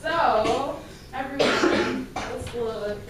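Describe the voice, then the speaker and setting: A woman's voice: a little high, extremely slow. Upbeat woman teaching a band class. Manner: upbeat, encouraging, counts off. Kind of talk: classroom instruction. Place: school band room. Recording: roomy, distant, noisy classroom.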